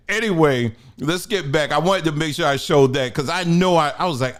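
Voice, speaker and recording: A man's voice: a little high, slow pace. A middle-aged man hosting a casual news commentary show, rambling, muttering to himself and laughing often. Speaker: host.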